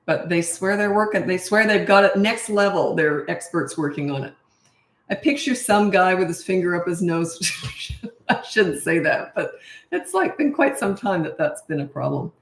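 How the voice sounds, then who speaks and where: A woman's voice: on the low side, expressive, moderate pace. A woman who is a parenting coach, chatting casually and rambling on a live stream, laughing often. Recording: echoey room.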